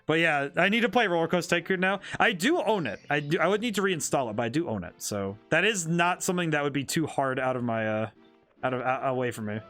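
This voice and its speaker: A man's voice: fairly high pitch, animated, fast talker, a bit bright, faint music behind. A man, a game designer, chatting casually while streaming a game, rambling and thinking aloud with many restarts. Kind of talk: casual gameplay commentary.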